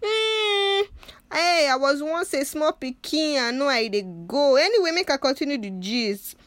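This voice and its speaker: A woman with a Nigerian Pidgin accent hosting a health talk, animated and preachy, with lots of "eh" and "oh" tags. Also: sits high, moderate pace, no room sound. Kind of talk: casual scripted talk in Pidgin.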